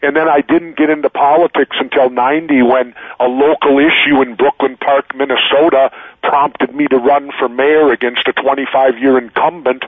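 A man's voice: medium pitch, dry recording. A man in his sixties, a guest in an interview, telling stories casually with frequent restarts. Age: 60s. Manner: loose storytelling with frequent restarts. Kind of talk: casual interview over the phone. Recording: tinny dry phone line.

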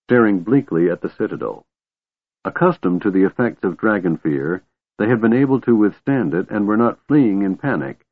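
Brief: low, measured male fantasy narrator, dry and tinny like a phone line. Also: no echo. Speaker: audiobook narrator. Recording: tinny phone-like audiobook audio.

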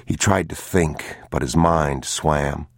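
A man narrating an audiobook in a slow, grave, measured manner. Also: extremely low pitch, creaky, no room sound, clean studio sound.

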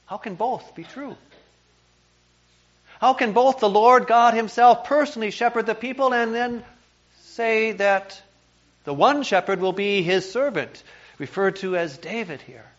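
Emphatic high-voiced pastor preaching. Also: male voice, a little slow, muffled recording. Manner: earnest and emphatic, with some repeated words. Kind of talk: sermon. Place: church.

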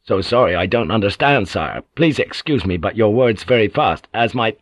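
A weary pilot picks his words carefully, as a man reads him. The low, hushed voice comes across close and dry. He sounds like a cautious man hiding his unease. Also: animated, dry recording. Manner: slow, halting and apologetic. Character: weary, guarded seafaring male pilot.

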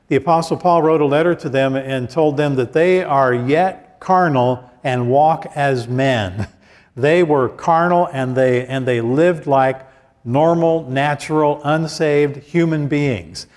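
A male pastor delivering a sermon in a relaxed, conversational way, often restarting phrases and slipping in little asides. His voice sits at an ordinary middle pitch. It carries a long reverb, as in a church sanctuary. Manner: conversational preaching, many restarts and asides, reads scripture aloud. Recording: hall reverb.

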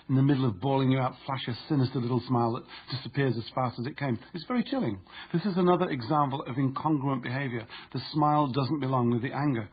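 A man narrating an instructive audiobook in a steady, explanatory way. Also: mid-range voice, lo-fi sound, a little hiss or hum.

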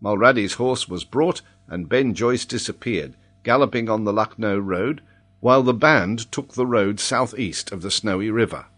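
Male narrator, measured audiobook reading, lowish voice. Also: fairly bright tone.

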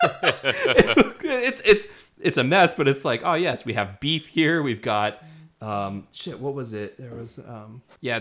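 A man's voice: medium pitch, fairly bright tone. A young man co-hosting a podcast, chatting casually about a film, rambling with frequent laughs. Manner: rambling, laughs often, quick asides. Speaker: podcast co-host. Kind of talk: casual film review chat.

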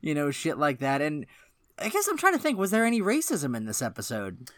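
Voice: medium pitch, wildly swooping pitch, a little fast. A podcast co-host in casual comedy chat who swears freely and acts out scenes.

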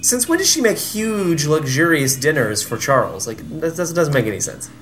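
A man co-hosting a casual podcast chat, animated and joking, quick to laugh. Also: on the high side, faint music behind. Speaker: podcast co-host.

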